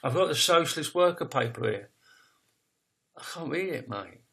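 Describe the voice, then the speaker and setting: A man in his fifties, a poet telling his own life story as a personal confession, speaking raw and emotional with halting restarts and blunt swearing. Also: fairly high pitch, expressive, gravelly, a bit bright, husky. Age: 50s.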